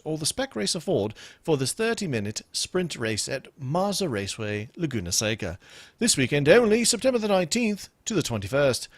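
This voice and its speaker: A man's voice: medium pitch, no room sound. A man hosts a casual chat podcast, his voice swinging up and down with lots of expression as he laughs his way through the show. The sound is dry and close, from a home computer mic. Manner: animated, laughs often. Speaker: podcast host.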